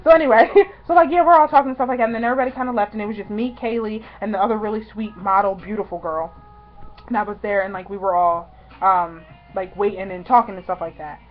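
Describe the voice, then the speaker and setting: A woman vlogger telling a story to her viewers in a chatty, excitable, slangy way. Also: mid-range voice, quick pace, narrow, tinny audio, faint music behind.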